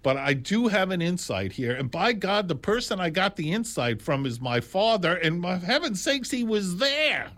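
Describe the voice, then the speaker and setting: A man in his sixties or older telling stories in a casual, animated, digressive way, full of exclamations and asides. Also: high voice, moderate pace, few pauses. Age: 60s or older. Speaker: jazz storyteller. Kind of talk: casual storytelling monologue.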